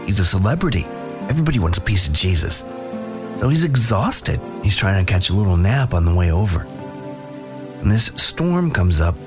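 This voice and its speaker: Man, pastor, sermon, low voice, animated pitch, casual storytelling. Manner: relaxed, conversational storytelling with casual slang.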